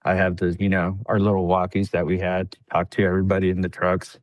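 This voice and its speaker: A man's voice: fast talker, no echo. A man, a podcast guest and veteran, telling a long war story in casual chat, acting out quotes from others in a raised voice. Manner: animated storyteller, acts out quotes in a higher voice.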